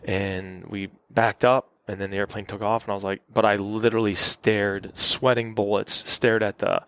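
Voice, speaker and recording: A man, a podcast guest, recounting a story in casual conversation, halting and restarting often and leaning on "like.". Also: on the low side, flat delivery, a bit bright. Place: cabin.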